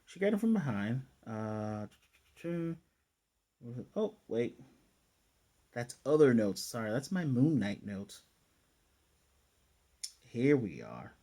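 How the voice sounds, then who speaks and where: A man talks through an anime review in a loose, rambling way, pausing to read from his notes. His voice is dark and mellow, sitting in a middle pitch. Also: big pitch swings. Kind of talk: casual recap.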